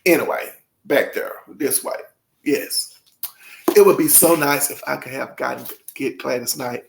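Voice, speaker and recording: Gushing, gravelly-voiced man vlogging. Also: mid-range voice, a little slow. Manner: gushing, emotional and excitable; folksy, addresses viewers directly. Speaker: channel host. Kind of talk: casual vlog chat to viewers.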